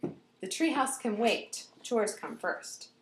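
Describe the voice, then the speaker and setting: A woman putting on the voice of a calm, firm mother, speaking slowly and matter-of-factly. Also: medium pitch, roomy sound, slight background noise, low-quality recording. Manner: slow and matter-of-fact.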